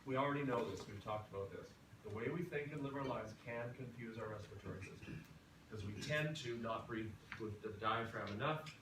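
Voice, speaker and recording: A man teaching a singing class in a relaxed, chatty lecture style. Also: lowish voice, a little fast. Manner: relaxed, chatty, tells anecdotes. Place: classroom or rehearsal hall. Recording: roomy, from far off, noisy.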